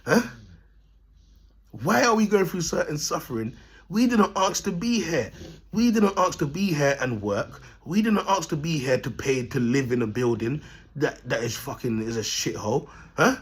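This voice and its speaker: A husky man with a voice pitched a little high delivers a rambling monologue to camera. His talk is streetwise and preachy, and he keeps calling out to his viewers as he goes. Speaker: vlogger.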